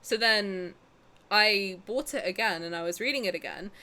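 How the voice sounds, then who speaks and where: A woman's voice: mid-range voice, normal speed, pushed and bright. A young woman streaming a game, chatting casually and rambling to her chat with giggles.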